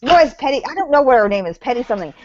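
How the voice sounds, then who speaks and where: A woman's voice: high voice, big pitch swings, rapid-fire, dry recording, lo-fi sound. A woman co-hosting a casual chat about reality TV, blunt and opinionated, swearing freely. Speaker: co-host.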